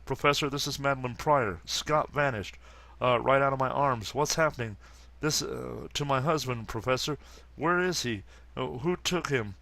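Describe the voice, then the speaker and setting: A man reading aloud the plea of a frantic young wife, in a plain read-aloud voice pitched a little higher. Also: normal speed, vocal fry, pushed and bright, dry recording. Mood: pleading.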